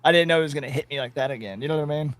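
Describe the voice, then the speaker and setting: A blunt, joking man, co-hosting a casual podcast. His voice sits a little high and sounds dry and close to the mic. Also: racing, dry recording. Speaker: podcast co-host. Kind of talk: casual chat.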